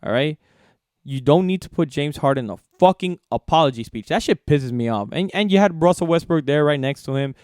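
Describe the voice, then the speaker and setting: A man with a smooth, resonant voice rants heatedly through a solo sports podcast. He swears freely and circles back over his own words. The sound is dry and close, with no room around it. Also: a little high, expressive, a little fast, a little mellow, no room sound. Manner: heated, profane, repeats himself. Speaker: podcast host.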